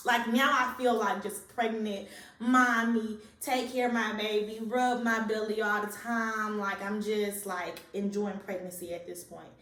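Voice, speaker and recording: A woman's voice: fairly high pitch, fairly bright tone. A young woman, a little short of breath, chatting casually and rambling with lots of fillers in a pregnancy vlog. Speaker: vlogger sharing a pregnancy update. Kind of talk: casual chat to camera. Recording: echoey room, distant mic.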